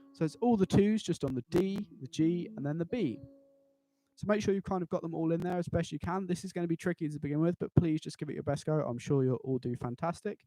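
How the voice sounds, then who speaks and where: Here a man with a warm, fairly high voice runs a live guitar class online, walking learners through chords with patience and praise. He counts everyone in and chants rhythm syllables on the beat, an acoustic guitar sounding behind him.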